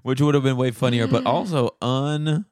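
A man's voice: medium pitch, normal speed, darkish tone, no room sound, studio quality. Teasing man co-hosting a podcast. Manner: teasing, sarcastic. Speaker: podcast co-host and editor. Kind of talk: casual podcast banter.

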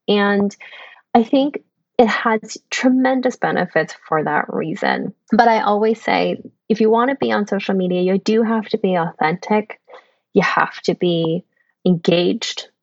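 A woman's voice: medium pitch, unhurried, no room sound, muffled recording. A woman answering interview questions as a consultant, thoughtful and peppered with "you know" and "right". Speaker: guest consultant.

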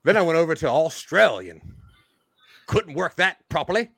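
A man's voice: fairly high pitch, big pitch swings, moderate pace, fairly bright tone, no echo, studio quality. A man giving a mock presentation in improvised comedy, playful and mock-villainous, drifting in and out of a put-on accent.

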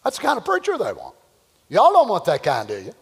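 A man preaching a fervent, folksy sermon in a church, at times rising to shouts. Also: high-pitched, wildly swooping pitch, a little fast, creaky, husky. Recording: echoey church hall.

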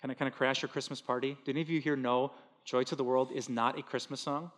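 A man pastor preaching a sermon in earnest, swinging between loud emphatic bursts and hushed soft lines. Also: medium pitch, steady tone, quick pace, big-room sound.

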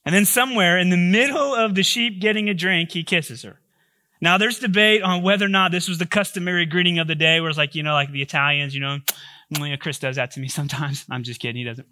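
A man's voice: sits high, fairly even intonation, fast talker, pushed and bright, no room sound, clean studio sound. A male pastor giving a sermon in a humorous, conversational way with joking asides.

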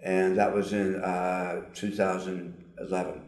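Brief: older man with lowish voice and slightly altered diction from surgery, earnest testimony, roomy echo. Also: monotone, a little mellow. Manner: earnest, emphatic, with frequent pauses and fillers. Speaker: guest, psychologist. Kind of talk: personal testimony in an interview.

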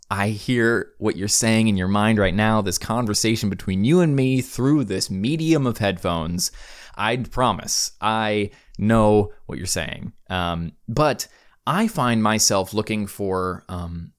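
A man hosting a podcast, talking earnestly and casually with frequent fillers and self-corrections. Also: fairly low pitch. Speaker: podcast host.

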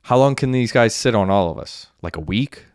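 A man's voice: on the low side, expressive, brisk, clean tone, no echo, clean studio sound. A man reading the lines of a young man in an audiobook, in a plain casual delivery.

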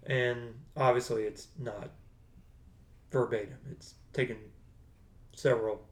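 A man's voice: medium pitch, steady tone, takes it slowly. Rambling man in an echoey room. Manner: rambling, self-correcting. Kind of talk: casual chat. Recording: roomy echo.

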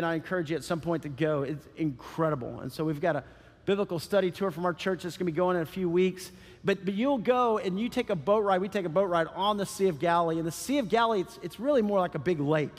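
High-pitched pastor guy, chatty animated preaching, long church hall reverb. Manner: animated, conversational preaching with asides. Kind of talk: sermon.

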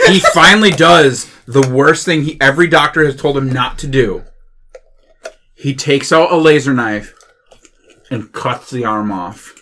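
A man plays a tabletop game and describes his character's actions in a casual, unhurried way. His voice is bright and clear at a medium pitch. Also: slight background noise. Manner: quick, casual, hesitant fillers. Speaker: player.

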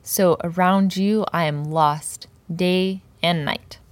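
A woman with a fairly low voice teaches a language lesson on poetry. She goes slowly and carefully, repeating each word so learners can follow. The sound is dry and close, with little room. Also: fairly even intonation, no room sound.

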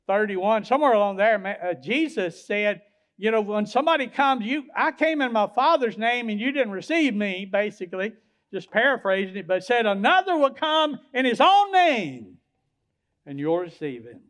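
High-voiced preaching pastor, loud swings. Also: male voice, clear, resonant tone. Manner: preaching, swinging from loud hollering peaks to low quiet drops. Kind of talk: sermon.

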